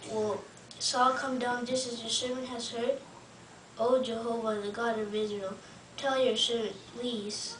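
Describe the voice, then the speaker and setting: A woman's voice: a little high, little pitch movement, a little slow, fairly bright tone, slight background noise. A woman reading as earnest praying David, echoey and distant. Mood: pleading. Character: David, a man pleading in prayer. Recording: roomy, distant mic, faint ambience.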